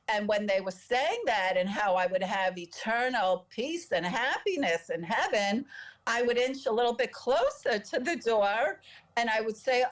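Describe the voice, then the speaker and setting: A woman with a somewhat high voice tells a personal story as a podcast guest. She speaks earnestly and with feeling, and her voice lifts when she acts out the people she quotes. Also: animated, a little slow.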